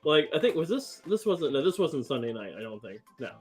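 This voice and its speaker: A man co-hosting a casual sports podcast, excitable and rambling, often laughing. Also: a little high, brisk, breathy edge, soft background music. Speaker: podcast co-host.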